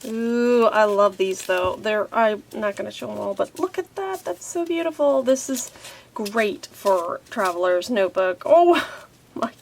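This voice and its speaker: A woman's voice: medium pitch, animated, measured pace, gravelly, slight background noise. A woman talking casually as she unboxes craft papers and stickers, thinking aloud and delighted by each piece. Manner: chatty, easily delighted, thinks aloud with many fillers. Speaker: craft vlogger unboxing a subscription box.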